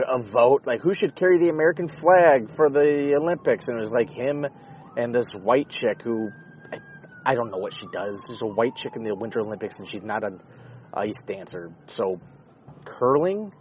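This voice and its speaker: A man's voice: medium pitch, darkish tone, muffled recording, a little hiss or hum. A man in a car giving a rambling, profane, heated monologue. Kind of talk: casual ranting monologue. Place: inside a car.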